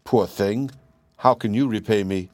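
A man reading a storybook voices a tender-hearted young prince in a soft, pitying tone. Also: on the low side, unhurried, no echo, soft background music, natural voice.

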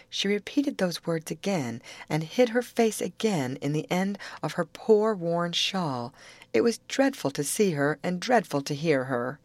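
A woman narrating a classic novel aloud in a measured, earnest storytelling manner. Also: fairly low pitch, expressive, darkish tone, no echo. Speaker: audiobook narrator.

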